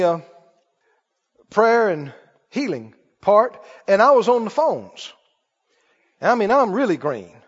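Male preacher, very high and animated voice, dull recording with a long hall echo. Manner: storytelling with rhetorical questions, laughing at himself. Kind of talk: sermon.

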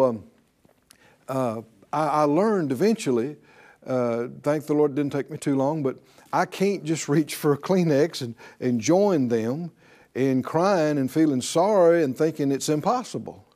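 A middle-aged man preaches in a relaxed, storytelling way. His voice sits a little high but sounds mellow and soft-edged. He laughs often and slips into lively voices when quoting others. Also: measured pace. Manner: chatty, laughing, acts out quoted voices. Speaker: pastor teaching a faith class. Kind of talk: folksy sermon teaching.

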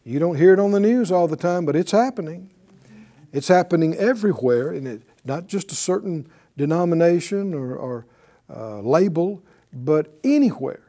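A Bible teacher with a dark, expressive mid-range voice speaks at a moderate pace during a broadcast lesson. The delivery is conversational, full of rhetorical questions for the audience and chuckles along the way through the story.

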